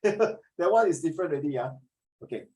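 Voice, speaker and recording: A man's voice: a little high, brisk, rough recording. Jokey Singaporean man teaching a class. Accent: Singaporean English. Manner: joking, animated, asks students questions.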